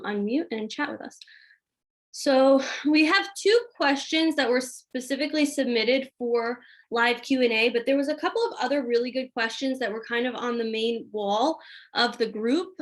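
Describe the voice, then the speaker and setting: During a live question-and-answer session over video call, a woman with a fairly high pitch gives relaxed, talkative parenting advice filled with fillers.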